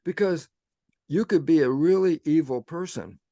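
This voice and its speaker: An older man speaking as a guest, explaining his ideas in an animated, conversational way and acting out both sides of his own inner dialogue. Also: on the high side, moderate pace, no room sound.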